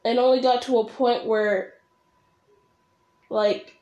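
A woman's voice: on the high side, steady tone, slow pace, dark tone, reverberant, dull audio. A young woman ranting bluntly and sarcastically while she reacts to a video. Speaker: reaction vlogger.

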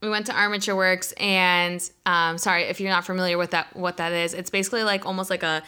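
A young woman co-hosting a podcast in casual chat, telling a story with lots of swearing and loud acted-out quotes. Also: lowish voice, little pitch movement, fast, clear, resonant tone. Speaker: podcast co-host.

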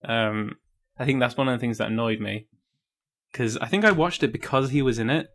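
A man's voice: mid-range voice, brisk, fairly bright tone. Laughing man rambling through a film review. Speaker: podcast co-host. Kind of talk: casual film review chat.

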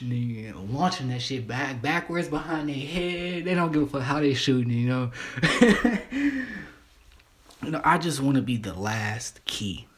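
A man hosting a casual solo podcast, talking in a laid-back, rambling, profane way, stuttering and restarting often. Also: medium pitch. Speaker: podcast host.

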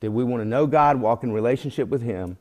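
A man's voice: medium pitch, fast, darkish tone. Man teaching a sermon. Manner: earnest, reads scripture aloud and tells folksy illustrations. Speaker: Bible teacher.

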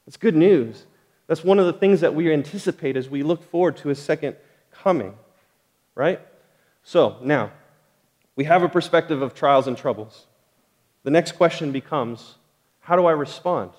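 A man's voice: fairly high pitch, moderate pace, pauses often, darkish tone. A man preaching a sermon as pastor, earnest and conversational, asking the congregation rhetorical questions. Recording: long hall reverb.

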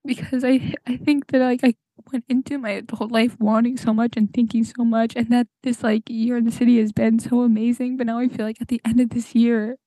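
A young woman recording a tearful, halting personal monologue on her podcast mic, crying and sniffling as she searches for words. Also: on the high side, level tone, dark tone, no echo. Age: young adult. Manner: halting, full of fillers and restarts. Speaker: podcast host. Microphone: home podcast mic.

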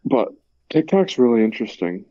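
A young man chatting casually, rambling with lots of fillers and breaking into animated impressions. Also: mid-range voice, normal speed, dry recording, lo-fi sound. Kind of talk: casual chat.

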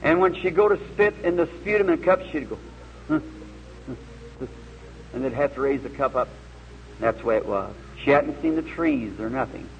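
A man's voice: on the high side, moderate pace, vocal fry, pauses often, slight background noise. A man preaching a sermon, telling a story in a folksy, earnest way with acted voices. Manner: folksy, earnest, dramatic retelling with quoted voices. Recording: muffled old tape in a hall.

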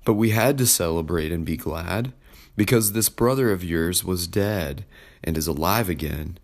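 A loving old father pleads with his resentful son, gentle and warm, as a man acts him out. The delivery rises above the speaker's deep natural voice. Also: normal speed.

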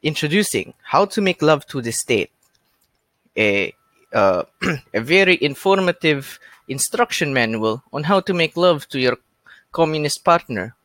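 A man's voice: expressive, measured pace, fairly bright tone, no room sound. A man putting on a cheesy Russian infomercial announcer. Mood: salesy. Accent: mock Russian. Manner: hammy sales pitch.

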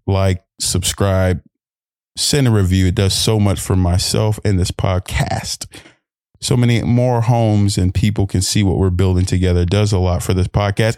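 Playful male podcast host, low and dry. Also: fairly even intonation, moderate pace, a little mellow, dry recording. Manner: playful, rambling and self-correcting. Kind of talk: casual podcast intro. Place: hotel room.

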